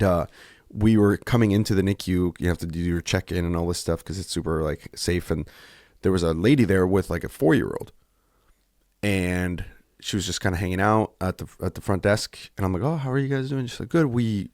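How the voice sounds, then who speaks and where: A man's voice: deep voice, steady tone, brisk, a little mellow, no room sound, studio quality. A man co-hosting a podcast, talking earnestly and at length in a candid, emotional conversation, often breaking off and restarting. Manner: earnest, rambling, self-interrupting. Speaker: podcast co-host.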